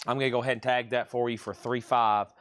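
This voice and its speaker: A man's voice: mid-range voice, little pitch movement, fast, fairly bright tone, smooth. A man hosting a live record and cassette sale, chatting casually as he names items and prices. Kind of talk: casual live-stream selling.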